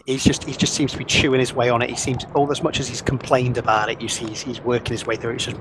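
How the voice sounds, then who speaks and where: A man narrating a tabletop game as dungeon master, relaxed and conversational. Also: mid-range voice, quick pace, hardly any pauses, very noisy.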